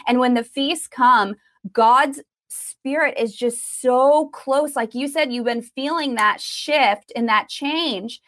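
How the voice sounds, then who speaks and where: A woman's voice: high-pitched, slow pace, hardly any pauses, a bit bright. Earnest woman sharing faith encouragement. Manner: affirming, earnest, preacherly. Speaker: ministry guest. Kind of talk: faith interview chat.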